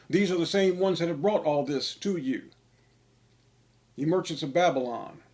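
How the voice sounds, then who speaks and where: A man's voice: medium pitch, a little mellow. A man, an online preacher delivering a sermon-style monologue, emphatic and repetitive for stress.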